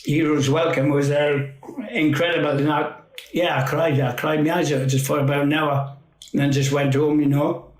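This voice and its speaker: A man's voice: on the high side, little pitch movement, normal speed. Rambling man in an echoey room. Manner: rambling, laughing, swears freely. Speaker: guest. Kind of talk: casual storytelling chat.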